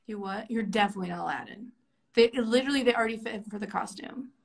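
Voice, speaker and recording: Bubbly, high-voiced woman hosting a comedy stream. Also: fast, gravelly. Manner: bubbly, chipper and mock-cheerful, breaking into laughter. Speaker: comedy host playing a Disney World career orientation leader. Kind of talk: improvised comedy sketch on a live stream.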